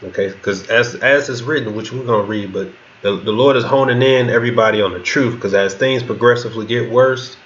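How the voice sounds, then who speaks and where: A man's voice: medium pitch, a little fast, a bit bright. A man leading a Bible class, reading scripture and commenting in a loose spoken way with restarts. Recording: dull lo-fi recording with faint background noise.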